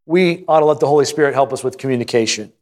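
A man's voice: medium pitch, fast, darkish tone. A man, a pastor, preaching a sermon to a congregation, reading scripture and drawing call-and-response. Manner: reads scripture aloud and acts out an anxious prayer.

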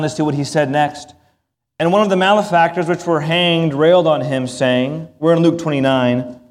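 A man preaching a sermon in an earnest, emphatic way, with asides to his congregation. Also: fairly high pitch. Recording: long hall reverb.

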